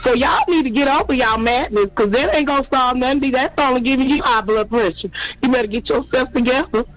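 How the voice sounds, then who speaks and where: A man's voice: very high-pitched, brisk, a bit bright, dry recording, rough recording. A man hosting a sports channel, ranting and trash-talking as a fan, taunting and petty toward rival supporters.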